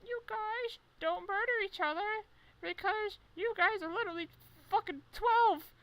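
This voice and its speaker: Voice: extremely high pitch, a little slow, dry recording, highs cut off, voice pushed up. A speaker voicing a prim young woman fighter who scolds two rivals as if they were children. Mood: scolding. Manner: mock-stern, lecturing.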